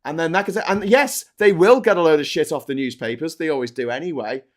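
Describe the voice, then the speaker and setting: A man's voice: fairly high pitch, quick pace. A man co-hosting a live political podcast, ranting passionately and swearing freely. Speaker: co-host.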